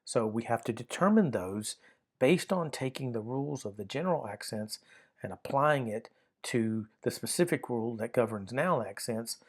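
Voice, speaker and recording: A man's voice: medium pitch, expressive, moderate pace. Patient man teaching Greek grammar. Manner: patient, methodical, repeats key points. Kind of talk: explanatory teaching lesson.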